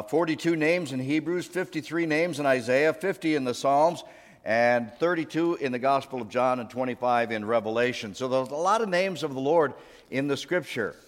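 Male pastor, sermon delivery, chatty preaching style, mid-pitched voice, reverberant sanctuary. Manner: warm conversational preaching, leads congregation in call-and-response. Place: church sanctuary. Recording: long hall reverb.

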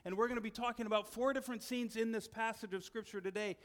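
A male pastor with a high-pitched voice delivers a sermon in a relaxed, storytelling way. He often softens into quiet, earnest tones to drive a point home. The voice carries a long reverb from a large hall. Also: fast talker.

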